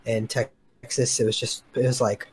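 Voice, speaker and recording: A young man with a middle-pitched voice rambles through a casual podcast story in a laid-back way. He gives blunt opinions and wanders between asides. A faint hum sits behind him on the call. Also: little pitch movement, moderate pace, darkish tone. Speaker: podcast co-host. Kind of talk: casual chat. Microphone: remote voice call.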